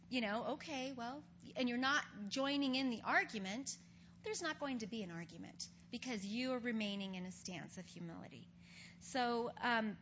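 A woman's voice: sits high, fairly bright tone. A woman giving a conversational Bible teaching, earnestly retelling scripture stories in everyday speech. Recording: dull recording with faint hum.

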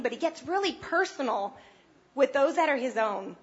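Earnest high-voiced woman preaching. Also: expressive, moderate pace, lo-fi sound. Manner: earnest and conversational, rising with emphasis. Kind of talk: sermon.

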